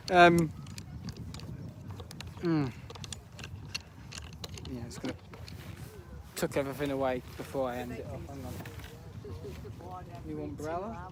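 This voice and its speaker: A teenage boy with a slightly high voice, rambling through casual live commentary on the planes. He chats loosely and laughs a lot. He was recorded outdoors at an airport viewing park, with faint hiss and traffic noise around him. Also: unhurried, pauses often. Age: teens. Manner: chatty, rambling, laughs often. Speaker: planespotting livestreamer.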